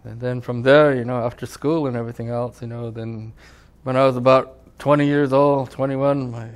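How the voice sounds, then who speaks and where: A man's voice: mid-range voice, steady tone, normal speed. An older man from California, a tribal elder, telling his life story in a rambling oral-history interview, often saying "you know". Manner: rambling, leans on "you know", acts out quoted voices.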